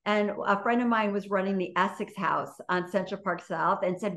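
A woman's voice: medium pitch, normal speed, few pauses, a bit bright. This is a woman guest on an interview show, telling a story in a casual, chatty way. Her talk is full of fillers like "you know" and "like", and it rises and falls as she goes.

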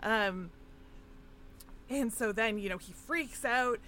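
A woman's voice: a little high, takes it slowly, sharp tone, slight background noise. A woman co-hosting a podcast, chatting casually and retelling a film with lots of fillers and laughs. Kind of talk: casual chat recapping a film.

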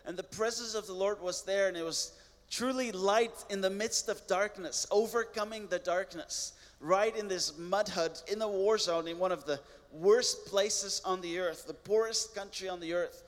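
An earnest man tells his testimony as a missionary guest, his slightly high voice ringing with a long hall reverb. He talks plainly and restarts words now and then. The tone stays sincere throughout. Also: normal speed. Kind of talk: personal testimony storytelling.

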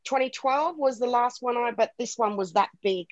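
Woman guest, higher voice, earnest and rambling; dull, dry remote-line sound. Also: normal speed, no room sound. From Australia. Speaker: guest spiritual guide. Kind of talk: casual radio talk.

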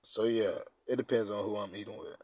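A man hosting a casual podcast, reading quiz questions aloud and reacting in profane slang, dropping to mumbles and then bursting out loud. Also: lowish voice, fairly even intonation, a little fast, dry recording. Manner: laid-back, profane slang, swings from mumbling to loud outbursts. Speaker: podcast host.

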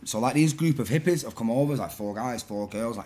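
A man in his thirties with a Manchester accent, telling rowdy stories on a podcast, animated and laughing as he acts out voices. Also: medium pitch, quick pace. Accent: Mancunian. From Manchester, England. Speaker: podcast guest, rapper. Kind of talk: casual storytelling chat.

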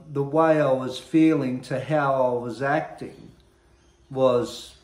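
A man earnestly sharing his own recovery story, reflective and often pausing to search for words. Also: medium pitch, darkish tone. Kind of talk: personal testimony monologue. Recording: roomy echo.

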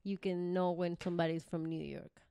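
A woman's voice: lowish voice, level tone, a little fast, creaky, mellow, clean tone, no room sound. A woman with a slight Spanish accent, a native Spanish speaker, chatting bluntly and casually on a podcast. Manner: blunt, chatty, swears freely. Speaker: podcast co-host. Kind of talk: casual chat.

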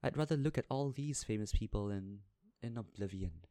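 A man's voice: lowish voice, normal speed, dark tone, no room sound, studio quality, lightly acted. A man voicing a blunt, suspicious wealthy young husband in a storybook reading, with a scornful manner.

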